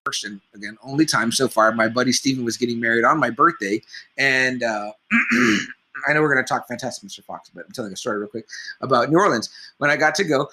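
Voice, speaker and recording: A man's voice: medium pitch, fast, bright, forceful tone. A man co-hosting a podcast, chatting casually about comedy movies, rambling, swearing often and a little tipsy. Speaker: podcast co-host.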